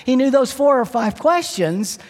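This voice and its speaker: A middle-aged man preaching a sermon as pastor, telling a personal story and closing in prayer, moving between lively and hushed delivery. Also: very high voice, measured pace. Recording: long hall reverb.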